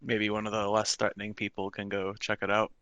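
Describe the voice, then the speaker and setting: A man's voice: lowish voice, monotone, brisk, a bit bright, clean tone, no echo, lo-fi sound. A man playing a tabletop game, thinking aloud with hesitant restarts. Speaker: player.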